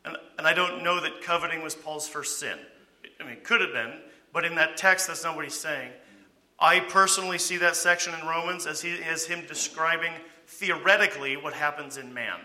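A man's voice: on the high side, a little fast, pushed and bright. A man teaching a Bible study in a conversational way, often asking "okay?" and posing rhetorical questions to his listeners.

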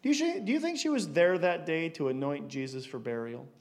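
A man's voice: a little high, animated, a little fast, a little mellow. A man giving a conversational Bible teaching, stumbling and repeating words as he asks rhetorical questions.

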